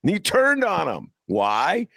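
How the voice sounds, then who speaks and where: A man's voice: on the high side, huge pitch swings, slow, vocal fry, a bit bright, no room sound. An older man hosting a political talk show, sarcastic and ranting. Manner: sarcastic, ranting, mocks people in put-on voices. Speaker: podcast host.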